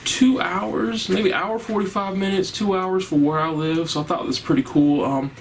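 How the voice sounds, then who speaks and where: A man's voice: on the high side, slight background noise, low-quality recording. A man giving a casual, enthusiastic and rambling horror movie review, laughing often.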